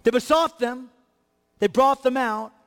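A man's voice: very high voice, a little slow, fairly bright tone, clear, resonant tone, big-room sound. A male pastor preaching a sermon with emphatic, repetitive rhetoric.

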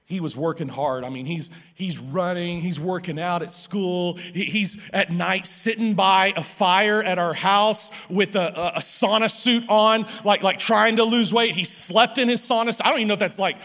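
A middle-aged man, a pastor preaching a sermon. He tells a personal story with many repeated words and restarts, moving between hushed and loud passages. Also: high-pitched, normal speed, hardly any pauses. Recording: long hall reverb.

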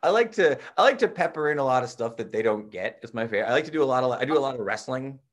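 A man's voice: medium pitch, very fast. A young man, a teacher and podcast co-host, telling stories in casual chat and acting out the quotes with gusto. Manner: animated storyteller, acts out quotes loudly.

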